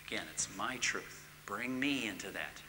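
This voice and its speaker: A middle-aged man giving a church teaching talk, swinging from loud emphatic bursts to hushed near-whispers. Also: on the low side, moderate pace, background noise. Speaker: marriage course speaker. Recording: long reverb in a large hall.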